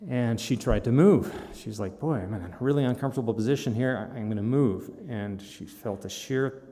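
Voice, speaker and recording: A pastor speaks to his congregation in a low, gravelly voice. He prays, then retells a story in a loose, conversational way. His words ring out with a long reverb through the church hall. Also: darkish tone. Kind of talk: sermon with prayer and story.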